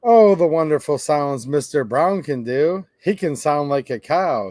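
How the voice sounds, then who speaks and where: A man's voice: on the high side, lively intonation, measured pace, hardly any pauses, a little mellow, no room sound, studio quality. A man hosting a live stream, reading a children's rhyme book aloud in a playful sing-song way.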